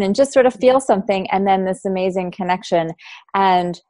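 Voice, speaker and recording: A woman's voice: mid-range voice, normal speed, warm tone, no room sound. Affirming woman host, dry close sound. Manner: reflective, affirming, enthusiastic. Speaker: podcast host. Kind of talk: conversational interview.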